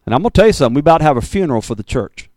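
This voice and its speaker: A man preaching a fiery Pentecostal sermon, swinging from loud bursts to low, intense asides. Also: very animated, very fast, dry recording. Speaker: pastor.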